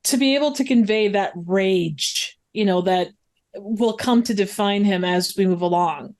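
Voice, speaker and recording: A woman's voice: mid-range voice, measured pace, darkish tone. A woman guest on a movie podcast, chatting casually with plenty of fillers and frequent laughter.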